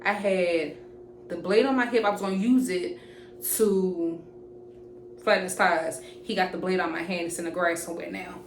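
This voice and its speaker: A young woman, casually telling an animated, profane storytime to camera. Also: on the low side, moderate pace. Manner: animated, profane, jumps into quoted voices. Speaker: storytime vlogger. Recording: roomy echoey room with faint hiss.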